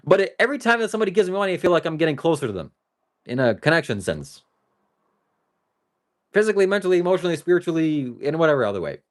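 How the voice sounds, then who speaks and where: A man live-streams to his viewers in a loose, rambling monologue. His pitch moves a lot and his tone swings between joking and earnest. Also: very animated, rapid-fire, pauses often. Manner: talks straight to viewers. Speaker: livestreamer.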